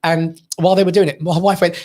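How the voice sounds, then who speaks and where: A man from England telling a lively personal story on a panel show, acting out what others said. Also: high voice, fast talker. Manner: animated anecdote teller, acts out quotes. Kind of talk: casual chat, storytelling.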